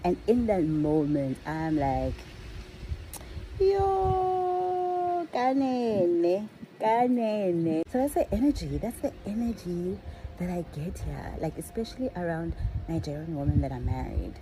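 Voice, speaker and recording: A woman's voice: low voice, lively intonation, normal speed, mellow, rough recording. A woman from Africa, telling a candid story to camera in a chatty, casual way. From South Africa. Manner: chatty and candid, with frequent fillers. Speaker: vlogger. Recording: audible background noise.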